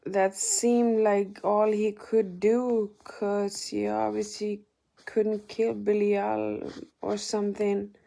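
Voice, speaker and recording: A woman's voice: mid-range voice, flat delivery, slow, vocal fry, dark tone. A woman vlogger telling an indignant personal spiritual story, swearing and sometimes dropping to a whisper.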